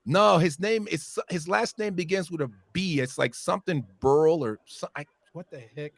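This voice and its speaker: A man hosting a casual chat, animated and swearing freely, with loud bursts when he gets worked up. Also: a little high, moderate pace, gravelly, no room sound.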